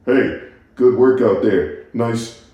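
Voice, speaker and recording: Pushy cartoon baby businessman, loud and brash, lots of room echo, as a guy does it. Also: medium pitch, takes it slowly, close to an everyday voice. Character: bossy baby boy acting like a brash businessman. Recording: echoey room.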